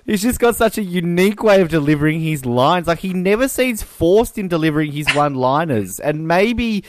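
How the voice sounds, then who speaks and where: A man's voice: a little high, normal speed, noisy background. A man co-hosting a film podcast in casual chat, swearing freely and laughing as he talks. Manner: animated, swears freely and laughs mid-sentence. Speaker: podcast co-host.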